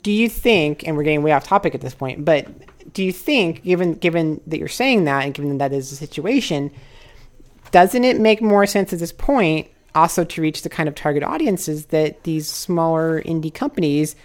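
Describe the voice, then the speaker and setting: A woman with a very low yet lively voice co-hosts a casual podcast. She asks pointed questions and teases the guest. Her pitch swings widely as she talks. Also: normal speed. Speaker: podcast co-host.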